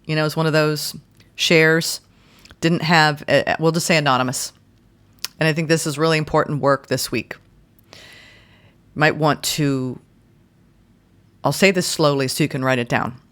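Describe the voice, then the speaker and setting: A woman giving a guided tarot and astrology reading in a gentle, soothing way, speaking in slow, deliberate phrases. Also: low-pitched, steady tone. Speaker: tarot reader.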